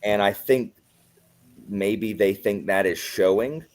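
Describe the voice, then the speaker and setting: A man's voice: on the low side, slow pace. A man in casual book-club chat, ranting with sarcasm and putting on mock quotes. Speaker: book club podcast host.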